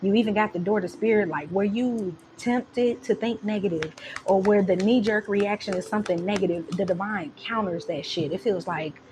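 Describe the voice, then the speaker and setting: A woman giving a casual tarot reading, talking in an animated, slangy and profane way, with home background noise. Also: medium pitch, moderate pace. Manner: animated, slangy and profane, breaks into laughs and sung lines. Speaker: tarot reader.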